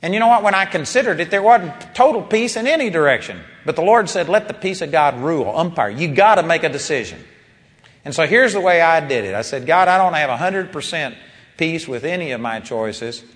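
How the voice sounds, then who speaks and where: A man preaching a sermon, telling a personal story with animated rises and quiet drops when quoting people. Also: fairly high pitch, a little fast. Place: large seminar hall. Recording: long reverb of a large hall.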